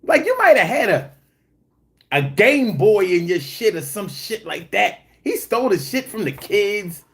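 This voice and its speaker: A man talks casually to his stream chat, his voice leaping high and low as he tells stories. He jokes freely and swears often. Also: a little slow. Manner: animated, swings high when telling stories; profane and joking. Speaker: livestream host reading chat.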